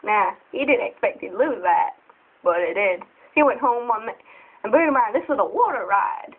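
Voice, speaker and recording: A young girl telling funny stories to camera, giggly and excitable, often jumping into squeaky voices. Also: normal speed, breathy edge. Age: child. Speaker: storyteller. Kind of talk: casual storytelling to camera. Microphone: phone. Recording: tinny phone recording.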